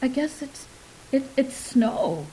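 A woman's voice: sits high, big pitch swings, moderate pace, a little hiss or hum, voice pushed up, poor audio. A woman playing a nervous young girl who blurts out her words in alarm. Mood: stammering. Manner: startled, blurting.

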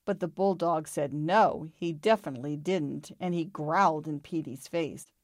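A woman reading a children's storybook aloud in a calm, expressive way. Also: low voice, unhurried, dry recording, studio quality.

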